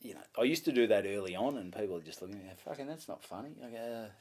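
A young Australian man, a comedian, telling a story in a casual interview. He swears freely and acts out what people said in a louder voice. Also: fairly low pitch, very fast. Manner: animated, swears freely, acts out his own lines in a louder voice. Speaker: comedian guest.

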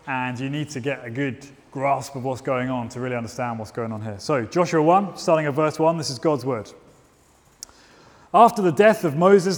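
A man with a slightly raised voice preaches at a church service, reading scripture and then teaching. He talks in an informal, self-deprecating way, full of asides and restarts. A long reverb hangs behind him, as in a church hall. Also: fairly high pitch.

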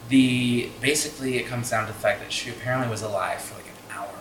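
A man's voice: mid-range voice, steady tone, fast, a bit bright, slight background noise. A man co-hosting a podcast, rambling casually and thinking aloud with many restarts. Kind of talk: casual chat. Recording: echoey room.

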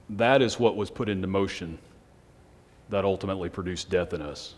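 A man preaching a Sunday night sermon, speaking in a self-described monotone with joking asides to the congregation. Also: low-pitched, a little fast. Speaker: pastor. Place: church hall on a Sunday night. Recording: long hall reverb.

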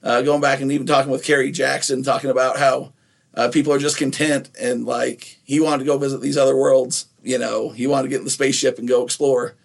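Gravelly-voiced man rambling through a chat. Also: mid-range voice, little pitch movement, a little fast. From Nephi, Utah. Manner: rambling, with frequent restarts and fillers. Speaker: podcast co-host. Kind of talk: casual chat.

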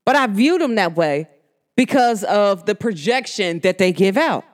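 A woman with a New York and New Jersey accent hosting a podcast, talking in a casual solo monologue, emphatic and slangy, with big swings in pitch. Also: lively intonation, unhurried. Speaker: podcast host.

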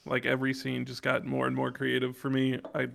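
A man with a gravelly voice co-hosts a movie podcast. He keeps things casual and laid-back, sharing his thoughts at an easy pace. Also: medium pitch, monotone, brisk, fairly bright tone. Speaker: podcast co-host. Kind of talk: casual chat.

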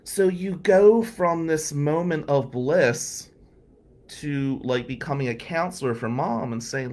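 A man's voice: on the high side, slow, a little mellow. Candid man telling a personal story. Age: adult, past law school. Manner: candid, emotional, with sighs and bleeped curses. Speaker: storyteller recounting his past.

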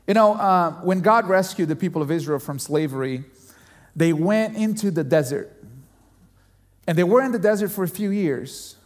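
High-pitched guy preaching a sermon, animated storyteller, lots of repeated words, big echoey hall. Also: moderate pace. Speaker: pastor.

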